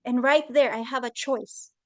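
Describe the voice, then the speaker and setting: A woman's voice: a little high, fairly even intonation, moderate pace. A woman speaking as a guest at a leadership summit over a video call, telling a personal story in an earnest, heartfelt way.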